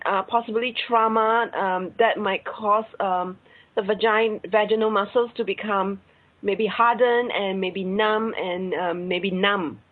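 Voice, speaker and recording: A woman host asking an interview question in a measured, hesitant way with many pauses and fillers. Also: medium pitch. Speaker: podcast host. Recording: tinny phone-line sound.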